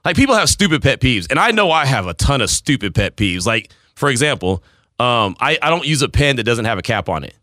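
Male radio host, rambling story, bright tone, lively delivery. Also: mid-range voice, fairly quick, no room sound, studio quality. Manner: animated storytelling, rambling, laughs at himself. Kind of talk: casual on-air banter.

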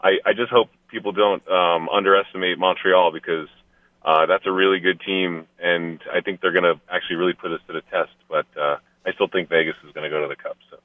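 A hoarse male caller who has nearly lost his voice, talking hockey with a deep, low pitch. He rambles, hesitates and trails off. The sound is thin and dry, like a phone line. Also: fairly even intonation, brisk, no echo. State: losing his voice.

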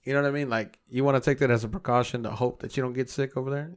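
A man's voice: mid-range voice, fairly even intonation, racing. Man, podcast co-host, casual crude banter, rambling, profane. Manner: rambling, profane, laughs often.

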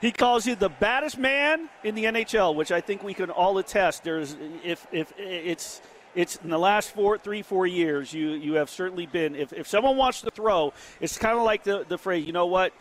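A man's voice: sits high, normal speed, slight background noise. A male radio host interviewing a guest, chatty and wordy, spinning a long setup before his questions. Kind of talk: interview hosting.

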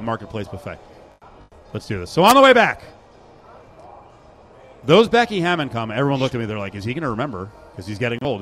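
A man's voice: medium pitch, a bit bright. A man hosting a casual sports radio show from a sportsbook, chatting, joking and reading live ads. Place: sportsbook broadcast booth.

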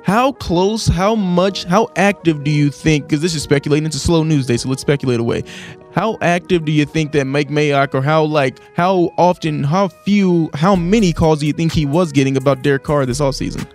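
Chatty radio host guy, kinda higher voice, stumbles around his question. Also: normal speed, soft background music. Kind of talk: sports radio talk.

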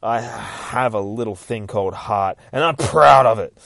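A man putting on a surly, cranky young heroine who shouts back and swears without letting up. The voice is pushed higher and louder than his own. It sounds dry, with nothing of the room around it. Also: steady tone, moderate pace, no room sound, natural voice. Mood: defiant fury.

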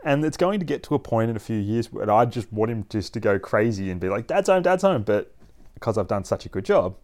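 A man explaining dog training in a casual, animated way, often laughing and acting out his dog. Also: fairly low pitch, a little fast. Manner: animated, acts out dogs and people in playful voices, laughs often. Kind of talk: casual instructional talk.

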